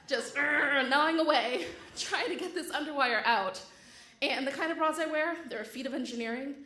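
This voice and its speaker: A woman's voice: high voice, fairly bright tone, reverberant. A woman telling a true story on stage with a wry, comic delivery. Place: stage before a live audience.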